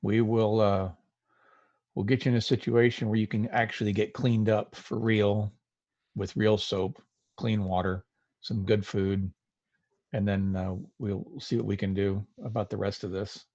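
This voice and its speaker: A man playing in a tabletop game, calm and measured. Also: fairly low pitch, dry recording, lo-fi sound. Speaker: player.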